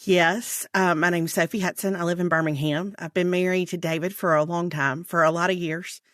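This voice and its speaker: A chatty woman with a Southern American accent and a lowish voice, talking as a podcast guest. She laughs easily and stretches her phrases. The sound is dry and close. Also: steady tone, a little fast, a bit bright, no room sound. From Mississippi, USA. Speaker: guest author. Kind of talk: podcast interview.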